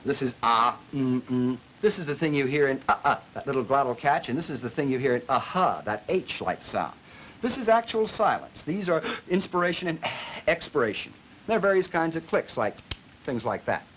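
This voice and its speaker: A man's voice: a little high, very animated, a little fast, fairly bright tone, rough recording. A man lecturing on linguistics and demonstrating vocal sounds as he explains them. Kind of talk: classroom lecture with spoken demonstrations. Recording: old film soundtrack with faint hiss.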